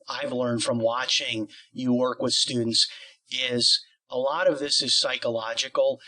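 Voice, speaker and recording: A man interviewing a guest about a singing course, with a bright, forward tone. He talks at length in a loose conversational way, stacking up examples and qualifiers. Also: mid-range voice, poor audio. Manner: explains at length with many qualifiers.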